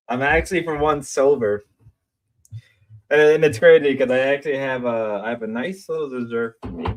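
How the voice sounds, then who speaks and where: A young man streaming casual commentary, rambling and swearing, repeating himself and swinging between mumbling and loud outbursts. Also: mid-range voice, moderate pace.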